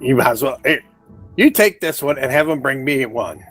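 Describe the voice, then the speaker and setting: A man's voice: mid-range voice, animated, moderate pace, fairly bright tone, faint music behind. A man voicing a dim, boastful male sorcerer who takes everything literally. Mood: rambling. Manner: clueless and literal-minded.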